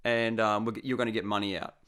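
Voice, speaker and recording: A man's voice: on the low side, flat delivery, fast, fairly bright tone, smooth, lightly acted. Guy voicing a curt, bossy street robber; barely changed voice. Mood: pushy. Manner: pushy, curt street talk. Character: menacing male street robber and dealer.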